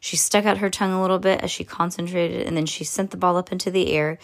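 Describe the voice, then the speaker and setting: A woman's voice: on the low side, fairly even intonation, quick pace. A woman reading a children's story aloud, with small slips and restarts and casual asides.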